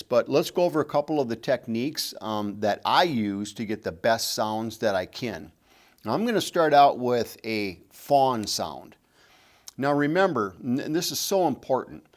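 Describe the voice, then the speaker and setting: A middle-aged man teaching calling technique, patient and repeating key points. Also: medium pitch. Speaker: game call instructor. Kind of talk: instructional demonstration.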